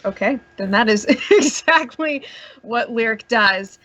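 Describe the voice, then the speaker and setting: A woman's voice: a little high, expressive, slow pace, a bit bright, dry recording. A young woman playing a tabletop game, describing her character's actions and asking hesitant questions. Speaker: player.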